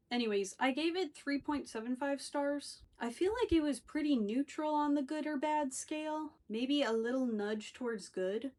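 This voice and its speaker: A young woman with a slightly high voice gives a casual book review vlog. She talks in a loose, chatty, wry way, as if freestyling her thoughts.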